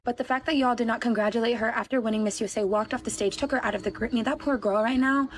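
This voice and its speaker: A woman's voice: fairly high pitch, steady tone, very fast. A woman speaking earnestly and pleadingly in a clip from a social media video.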